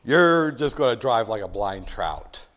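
A man's voice: mid-range voice, a little slow. Joking male lecturer in a reverberant hall. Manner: animated, joking storyteller. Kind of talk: classroom lecture.

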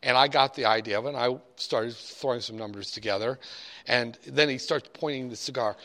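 A man's voice: mid-range voice, a little fast, bright, forceful tone. A man teaching a class, speaking in a conversational, digressive storytelling manner. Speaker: instructor. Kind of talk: storytelling lecture.

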